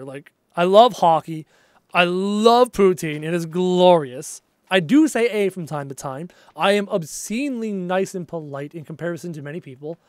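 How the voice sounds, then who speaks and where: Young man, from Canada, live streamer, casual chat, reads chat aloud, high voice, dry close sound. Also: no echo.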